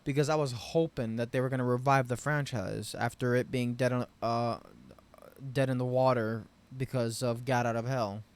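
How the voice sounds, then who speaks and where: Male vlogger, mid-pitched, ranting off the cuff about a game, profane and exasperated. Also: steady tone, normal speed, clean tone. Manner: profane, rambling, frustrated ranting with loud bursts. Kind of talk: unscripted game review rant.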